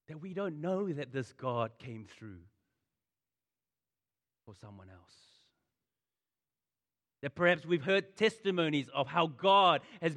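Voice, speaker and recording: A man's voice: a little high, a bit bright. A man preaching a sermon, impassioned and repeating phrases for emphasis. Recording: long reverb of a large hall.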